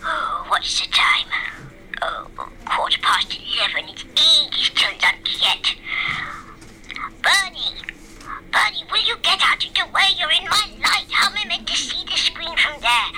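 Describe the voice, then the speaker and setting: A woman's voice: extremely high pitch, very animated, measured pace, pushed and bright, heavily acted, rough recording. A woman voicing Charlie, a fussy, grumbling partner who speaks half in a whisper and stammers through tetchy rants.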